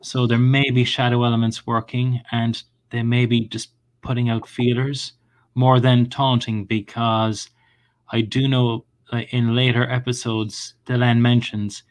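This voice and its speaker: A man in a casual discussion, speculating in a measured, thoughtful way. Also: medium pitch, little pitch movement. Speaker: panel guest.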